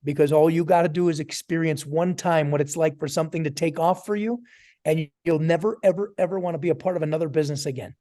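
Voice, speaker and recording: A man in his forties, a network marketing trainer, tells stories and speaks straight to his group in an animated way over a video call. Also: on the high side, quick pace. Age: 40s. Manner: animated storyteller, addresses listeners directly. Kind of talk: motivational storytelling talk to a group.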